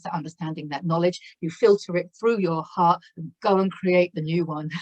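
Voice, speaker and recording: A woman's voice: lowish voice, low-quality recording. A woman giving a spiritual tarot reading to camera, effusive and exclaiming in wonder, laughing often as she talks. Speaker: tarot reader.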